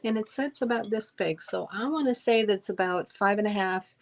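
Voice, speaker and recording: Amid heavy background noise, a middle-aged woman with a mid-range voice talks at a normal speed as she hosts a live-stream sale. She chats effusively with her viewers, her speech full of fillers and restarts.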